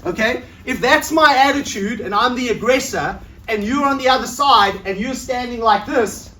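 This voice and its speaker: A man's voice: very high voice, normal speed, sharp tone, a little hiss or hum. A middle-aged man coaching a self-defense seminar, talking conversationally and checking in with the class again and again. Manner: conversational, checks in with "right?" constantly. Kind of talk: seminar teaching. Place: training hall at a seminar. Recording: echoey hall, mic from far off.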